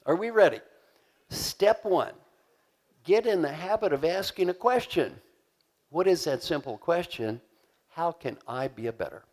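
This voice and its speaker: A man giving a live leadership seminar in a large conference hall, energetic and joking as he leads the audience in call-and-response. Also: a little high, a little slow, pauses often. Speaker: leadership coach and keynote speaker. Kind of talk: live motivational seminar talk.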